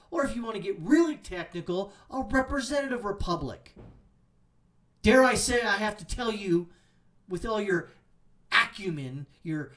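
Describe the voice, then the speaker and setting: A man's voice: high voice, bright, forceful tone, recorded from a distance. Sarcastic ranting man, a bit off-mic. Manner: sarcastic, angry, mocking. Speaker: political commentary host. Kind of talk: ranting commentary over read-out posts.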